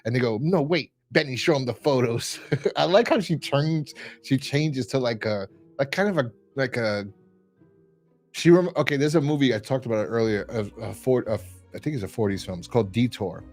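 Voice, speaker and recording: A man co-hosting a casual podcast, recapping an old TV episode scene by scene. His pitch sits in the middle, and he talks loosely, with fillers and quick asides. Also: soft background music. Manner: animated retelling, full of fillers and quoted lines. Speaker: podcast co-host. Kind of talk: casual chat.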